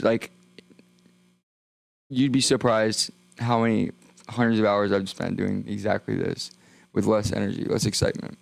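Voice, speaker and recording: A young man streaming alone from a small room, rambling erratically and jumping from mumbles to sudden yells. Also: mid-range voice, vocal fry, dry recording. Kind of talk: rambling solo livestream chat.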